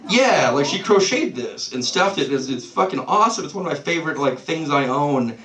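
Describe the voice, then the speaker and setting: Performing live stand-up in a small club, a man with a highish, expressive and fairly bright voice talks briskly, swearing freely, losing his place and laughing it off. He's recorded from a distance, off-mic, with roomy club acoustics.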